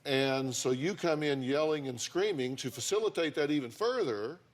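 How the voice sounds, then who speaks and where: A man's voice: a little high, moderate pace. A man hosting a talk show, lecturing guests in a blunt, sarcastic way from a TV studio. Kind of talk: confrontational talk show counseling.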